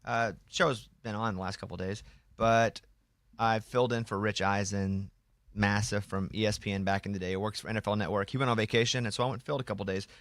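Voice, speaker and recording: Male host, relaxed conversational delivery, dry close studio mic. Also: fairly low pitch, quick pace, no echo. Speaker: radio show host. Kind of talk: casual studio chat. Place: radio studio. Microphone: studio microphone.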